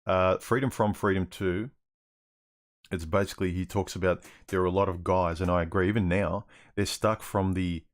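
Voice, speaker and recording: A man's voice: sits low, fairly even intonation, normal speed. A man hosting a livestream Q&A, reading viewer questions aloud and answering them in a rambling, casual way. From Australia. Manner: rambling, restarts often, reads chat questions aloud.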